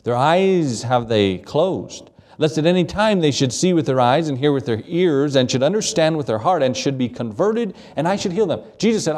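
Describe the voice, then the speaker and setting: A pastor preaching a sermon, reading scripture aloud and asking the congregation rhetorical questions. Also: male voice, on the high side, animated, moderate pace, darkish tone. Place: church sanctuary. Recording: echoey church hall, mic from a distance.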